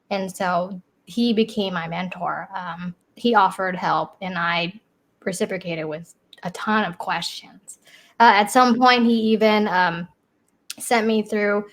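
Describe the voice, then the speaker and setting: A woman's voice: medium pitch, a bit bright. A woman guest on a casual talk show, explaining things plainly with many hesitant ums. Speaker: guest, ASMR creator. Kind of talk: casual interview chat.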